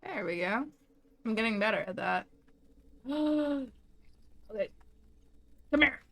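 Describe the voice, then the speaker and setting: Slow-talking young woman gamer who squeals. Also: a little high, lively intonation, gravelly, fairly bright tone. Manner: chatty, easily startled, squeals and apologizes to creatures. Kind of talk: casual let's-play commentary.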